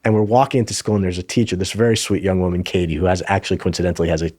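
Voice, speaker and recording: A man's voice: low voice, fairly even intonation, rapid-fire, a little mellow. Middle-aged man telling a rambling story. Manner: rambling storyteller with frequent restarts. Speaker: guest, TV writer and creator. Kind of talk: casual podcast conversation.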